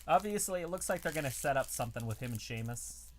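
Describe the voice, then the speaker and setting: A man co-hosting a live wrestling watch-along, chatting casually and speculating out loud about where things are heading. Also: mid-range voice, animated, fast talker, slight background noise. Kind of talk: casual live reaction chat.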